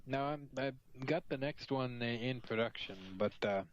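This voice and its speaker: A man's voice: medium pitch, normal speed, a little hiss or hum. Man on a muffled phone headset. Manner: joking, rambling, with frequent yawns. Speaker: call-in guest on a stream. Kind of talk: casual chat. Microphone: headset over a phone call. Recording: dull lo-fi phone call audio.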